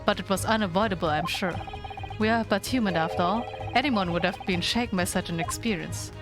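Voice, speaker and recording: A woman reading a game aloud, voicing a pompous, lordly Victorian gentleman detective with a slow, lowered, grandly polite delivery. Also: over music, close to an everyday voice. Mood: aloof.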